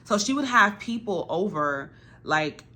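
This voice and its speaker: Young woman, casual storytime, bright voice, animated, dramatic quotes, lots of "like". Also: mid-range voice, measured pace. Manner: animated, dramatic retelling with acted quotes and frequent "like". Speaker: vlogger.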